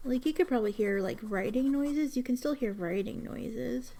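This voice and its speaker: A young woman chatting happily about her fountain pen, gushing and often slipping into soft whispers. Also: on the high side, measured pace, hardly any pauses. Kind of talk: casual chat while writing.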